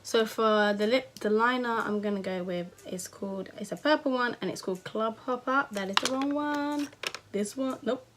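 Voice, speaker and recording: A woman's voice: on the high side, normal speed, background noise. A young woman from England talking casually through a makeup tutorial, chatty and full of slang. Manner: chatty, slangy, lots of "you know". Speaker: beauty vlogger.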